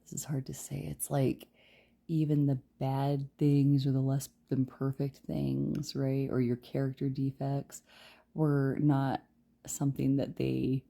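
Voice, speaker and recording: Casting: woman tarot reader with a very deep, dark voice and a rambling, chatty delivery. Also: flat delivery, a little slow, vocal fry. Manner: rambling, chatty, trails off with fillers and soft laughs; speaks softly and quietly at times. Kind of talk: casual pick-a-card tarot reading.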